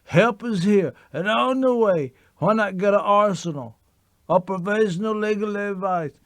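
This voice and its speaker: A man playing a sleazy lawyer calling in with a rambling, jumbled sales pitch. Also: unhurried, fairly bright tone, no room sound. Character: fast-talking sleazy male lawyer on the phone. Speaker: caller.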